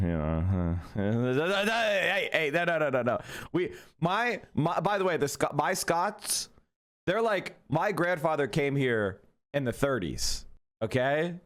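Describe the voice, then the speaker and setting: A man's voice: medium pitch, big pitch swings, unhurried, smooth. A man talking casually to his live-stream chat, joking and rambling with the odd swear word. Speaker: livestreamer.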